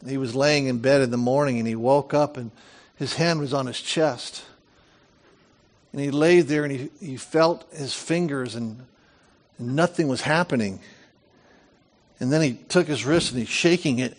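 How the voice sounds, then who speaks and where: A middle-aged man preaching a sermon, reading scripture aloud and breaking off into lively asides and family stories. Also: medium pitch. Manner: animated storytelling, reads scripture with lively asides. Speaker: pastor.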